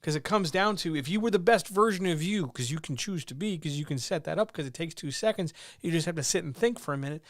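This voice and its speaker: A man's voice: fairly high pitch, expressive, quick pace, hardly any pauses, no room sound, studio quality. A man hosting a stream, giving a blunt, earnest, motivational talk into a microphone at home with his cats, swearing freely. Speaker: streamer host. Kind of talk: candid motivational monologue. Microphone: talking into a microphone.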